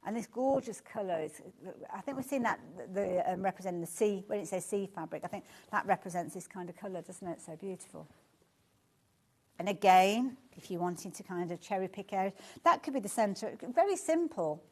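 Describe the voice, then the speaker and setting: A woman presenting a live shopping show, chatting warmly about the items and reacting to viewer comments with gushing enthusiasm. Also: medium pitch, lively intonation, brisk.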